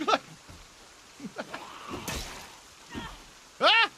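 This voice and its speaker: This time the New Zealand streamer, a man in his thirties, sounds very high-pitched and sing-song, talking extremely slowly with long pauses over background noise. He keeps up the casual, jokey gameplay chat with viewers, laughing a lot and swearing freely.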